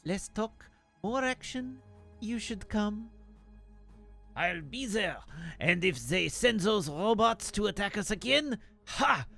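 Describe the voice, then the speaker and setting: A man's voice: sits high, lively intonation, creaky, sharp tone, soft background music, pitched above the performer's own voice, heavily acted. A man putting on a huffy mock-French wine snob. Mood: defiant. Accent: mock French accent. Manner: theatrical, exaggerated, slow read-aloud.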